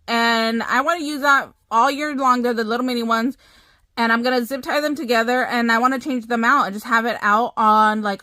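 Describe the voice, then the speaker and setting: A woman's voice: on the high side, bright, forceful tone. A young American woman chatting casually to her viewers as a craft vlogger, gushing and bubbly. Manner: bubbly, gushing, talks to viewers as you guys. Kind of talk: casual haul chat.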